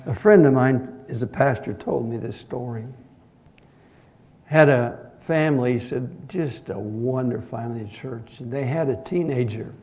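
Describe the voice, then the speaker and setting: A man preaching a sermon, earnest and direct, swinging between loud and quiet as he tells a story. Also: mid-range voice, normal speed.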